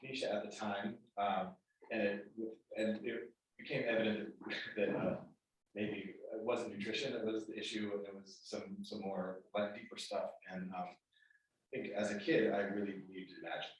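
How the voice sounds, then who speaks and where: A man giving a heartfelt tribute at a memorial, speaking haltingly with many restarts. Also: on the low side, steady tone. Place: spiritual center hall. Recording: echoey hall, mic from far off.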